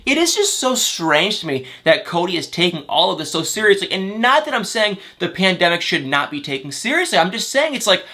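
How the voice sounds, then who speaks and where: Man, casual TV recap, chatty and exasperated, higher pitch, lively. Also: brisk, few pauses. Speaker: celebrity gossip vlogger.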